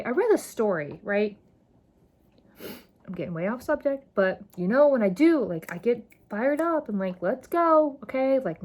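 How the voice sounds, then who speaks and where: A woman's voice: mid-range voice, a little mellow. A woman in her thirties hosting a solo podcast, talking in an impassioned, rambling, emphatic way. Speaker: podcast host. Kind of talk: casual solo podcast monologue.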